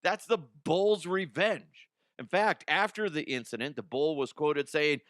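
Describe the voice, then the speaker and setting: A man's voice: fairly high pitch, expressive, takes it slowly, bright, forceful tone, no echo, studio quality. A young adult man hosting a comedy news podcast, ranting casually with swearing, laughter and mocking put-on voices.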